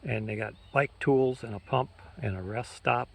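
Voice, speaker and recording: A man's voice: mid-range voice, normal speed, gravelly. Minnesotan man narrating a trike ride. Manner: chatty, pointing things out along the way. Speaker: trike touring vlogger. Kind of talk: casual outdoor narration while riding. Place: outdoors on park bike trails.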